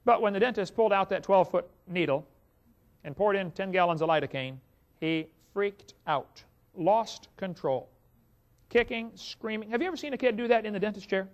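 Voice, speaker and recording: A man's voice: sits high, expressive, moderate pace. A male evangelist preaching to an audience, telling a folksy story and speaking to the listeners directly. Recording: dull lo-fi recording.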